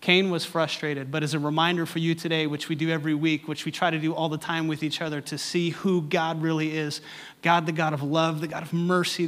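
Man preaching with rising intensity. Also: fairly high pitch. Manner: builds from quiet reflection to rising, impassioned exhortation; repetitive, rhythmic preaching cadence. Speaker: pastor. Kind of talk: sermon.

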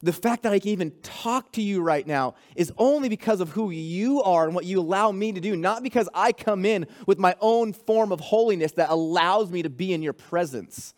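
A man's voice: high-pitched, moderate pace, hardly any pauses. A man preaching a sermon to his congregation as pastor, calling out to the church. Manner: preaching with rising intensity, calls to the congregation.

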